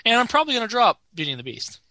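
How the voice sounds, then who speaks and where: A man's voice: very high-pitched, sing-song, sharp tone, no echo. A man co-hosting a casual chat about TV shows, talking in a jokey, rambling way. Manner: chatty, jokey, puts on quick silly voices.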